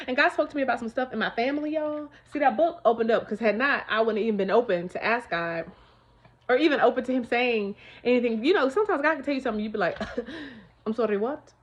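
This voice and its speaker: A fairly high-voiced woman talks straight to her viewers at home, chatty and emphatic as she shares her faith. Her sound is dull and lo-fi, like a home video. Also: fast talker. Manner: chatty, emphatic, keeps calling viewers y'all. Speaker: vlogger. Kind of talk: casual faith testimony to viewers.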